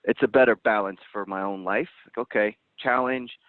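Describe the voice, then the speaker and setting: A man hosting a casual roundtable chat, talking in an animated, blunt way and swearing now and then, heard over a tinny phone-like line. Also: medium pitch, normal speed, few pauses, dry recording.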